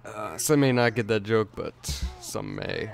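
Rambling low-voiced gamer man. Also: unhurried, gravelly, soft background music. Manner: rambling, stammering restarts and chuckles. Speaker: let's play gamer. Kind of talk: let's play commentary.

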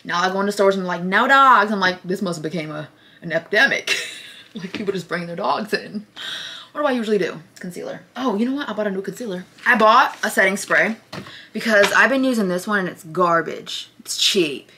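A woman's voice: mid-range voice, a little fast, pushed and bright. A young woman in her twenties telling a personal story in a casual vlog, candid and chatty, talking to a phone camera at home. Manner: candid, chatty, filler-heavy with frequent "like". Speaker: vlogger. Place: indoors at home. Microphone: phone camera at close range.

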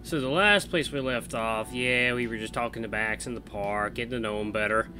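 A man's voice: mid-range voice, a little fast, noisy background. A man hosting a casual let's-play, chatting upbeat and reading the narration aloud. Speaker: game streamer reading a visual novel.

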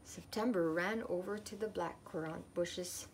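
Lady reading a kids' picture book out loud, gentle, bit of gravel in her voice, faint noise. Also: on the low side, unhurried. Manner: gentle, expressive read-aloud. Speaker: storyteller.

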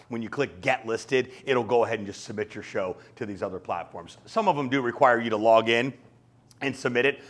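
A man teaching podcasting to an audience, talking fast and lively and acting out little exchanges. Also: fairly low pitch. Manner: fast, animated, acts out quoted exchanges. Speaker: podcast coach. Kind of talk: energetic talk to an audience.

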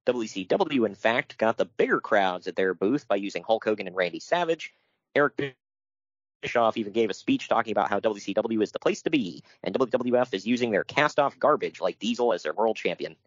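A man's voice: fairly low pitch, animated, a little fast, dry recording, dull audio. Wry man reading notes on a podcast. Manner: wry, laughs often, reads notes then riffs. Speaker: podcast co-host. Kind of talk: casual podcast chat.

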